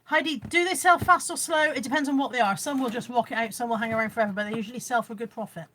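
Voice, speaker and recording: A middle-aged woman from Bristol, England, with a Bristolian accent, hosts a livestream selling boot sale finds, chatting casually, reading viewer comments aloud and poking fun at herself. Her voice is on the high side, very fast and fairly bright. The phone camera mic picks up a little hiss or hum.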